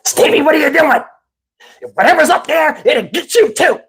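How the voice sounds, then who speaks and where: A man's voice: very high voice, sing-song, moderate pace, creaky, a bit bright, pitched above the performer's own voice, heavily acted. A man voicing his cowardly uncle, nagging a child to stay put. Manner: whiny, nagging. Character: cowardly whiny adult uncle.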